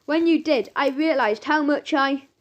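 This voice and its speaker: A woman's voice: sits high, measured pace, muffled recording. A woman voicing a remorseful older sister. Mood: earnest. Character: remorseful older sister, once bossy girl.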